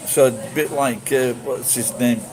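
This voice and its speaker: A middle-aged man from Sheffield with a softened Yorkshire accent, rambling through a late-night monologue, swearing casually and restarting his sentences. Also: mid-range voice, fairly even intonation, unhurried, a crowd in the background, poor audio. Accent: Yorkshire English, softened. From Sheffield, England. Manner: meandering, swears casually, many restarts and fillers.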